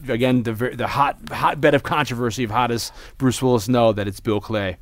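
A man's voice: fairly low pitch, fast, hardly any pauses, dry recording. A man co-hosting a casual movie podcast, rambling with frequent restarts and asides. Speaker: podcast co-host.

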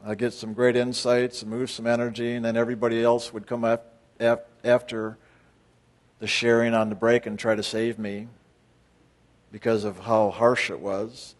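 A man guiding a spiritual retreat speaks to the group at a moderate pace, his mid-range voice showing little pitch movement. Bluntly, he peppers them with rhetorical questions and sudden emphatic bursts.

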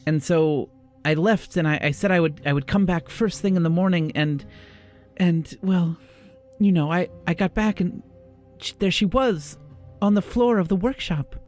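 A man's voice: high-pitched, normal speed, a little mellow, soft background music, pitched above the performer's own voice, lightly acted. A man voicing a nervous, shaken young woman who works as a seamstress's apprentice, stammering and close to tears.

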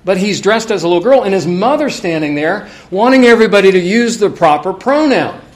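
A middle-aged man preaching to his congregation with a voice pitched a little above most men's. He talks in a loose, conversational way and fills the sermon with personal stories and asides. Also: expressive, fairly quick. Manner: conversational, anecdotal, frequent asides.

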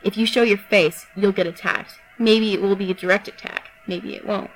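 A woman voicing a cold young woman who commands insects, delivering threats in a calm, level voice. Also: mid-range voice, moderate pace, soft background music, close to an everyday voice, low-quality recording. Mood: menacing.

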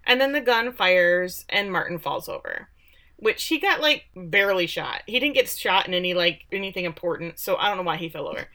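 A woman from Texas co-hosting a podcast, giving a sarcastic, animated recap of a show and acting out the quotes. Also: lowish voice, fairly quick. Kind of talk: casual chat.

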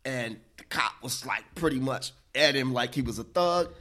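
A man co-hosting a casual discussion, telling a story in an animated way and acting out the quotes. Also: mid-range voice, moderate pace.

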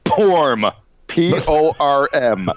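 A middle-aged man co-hosting a casual comedy podcast, rambling and halting with lots of fillers and chuckles. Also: mid-range voice, big pitch swings. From Illinois. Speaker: podcast co-host. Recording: dull, dry lo-fi podcast audio.

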